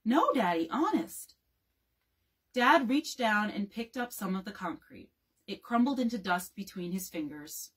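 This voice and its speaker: A woman librarian reading a chapter book aloud as a bedtime story, with calm, expressive narration. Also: medium pitch, normal speed, breathy edge.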